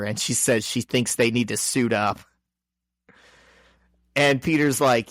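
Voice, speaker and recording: A man on a podcast walks through a comic's plot with wry humor, tossing in quick character voices. His voice sits at an ordinary middle pitch. The sound is close and dry, with no room echo. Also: fairly even intonation. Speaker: podcast co-host. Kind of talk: casual chat recapping a comic.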